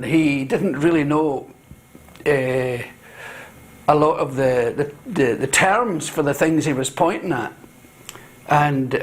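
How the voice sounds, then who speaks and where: Scottish male actor, relaxed reflective interview talk, slightly high pitch. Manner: easygoing, reflective storyteller. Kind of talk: casual interview chat.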